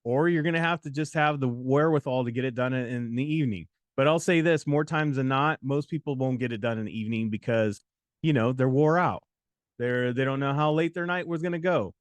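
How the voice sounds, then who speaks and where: A man's voice: medium pitch, brisk, dry recording. A middle-aged man hosting a study livestream, giving a preachy motivational talk that repeats points and drops joking asides. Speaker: exam prep coach and host.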